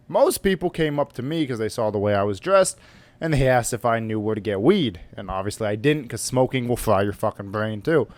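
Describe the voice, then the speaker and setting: A man's voice: medium pitch, no room sound. A man in his twenties telling a personal story to camera in a blunt, joking, profane way. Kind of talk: casual storytime monologue.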